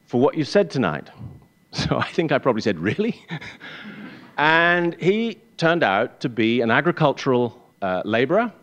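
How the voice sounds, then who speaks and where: An English man telling a wry, self-deprecating personal story on stage before a live audience, with halting restarts. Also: medium pitch, fairly bright tone. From England.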